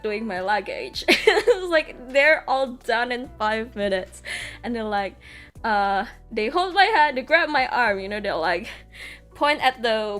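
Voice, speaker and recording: Young female VTuber, high-pitched, casual chatty storyteller who acts out quotes, faint music underneath. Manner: animated storyteller, acts out quotes loudly, laughs often. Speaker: VTuber streamer. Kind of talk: casual chat.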